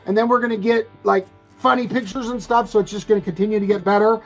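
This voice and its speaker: A man's voice: sits high, fairly even intonation, quick pace, soft background music. A man co-hosting a podcast in casual chat, playful and joking, often restarting his sentences. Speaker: podcast co-host. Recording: dull lo-fi sound.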